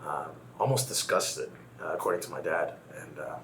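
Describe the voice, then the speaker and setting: A man's voice: very deep voice, moderate pace, fairly bright tone, slight background noise. A man from Texas, a guest in a casual conversation, talking reflectively and telling a personal story.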